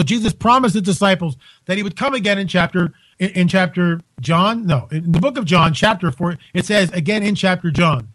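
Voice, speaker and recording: A man's voice: sits high, fairly bright tone, no echo, low-quality recording. Radio host guy, keeps going "can you believe this", dry close sound. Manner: incredulous, exclaiming, rapid asides. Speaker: radio talk show host. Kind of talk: call-in radio commentary. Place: home.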